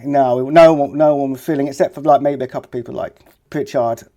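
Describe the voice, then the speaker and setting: A man's voice: medium pitch, fairly even intonation, brisk, warm tone. Middle-aged london guy on a podcast, loose chatty storytelling, does little voices for people. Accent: London English. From England. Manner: chatty, rambling, full of "like" and "you know what I mean"; acts out quoted people in his stories. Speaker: guest, skateboard filmmaker.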